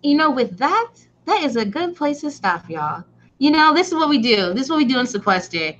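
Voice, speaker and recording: Bright slangy young woman host. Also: sits high, brisk, dull audio. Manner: laughing, slangy, expressive. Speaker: aftershow host. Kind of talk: casual aftershow chat.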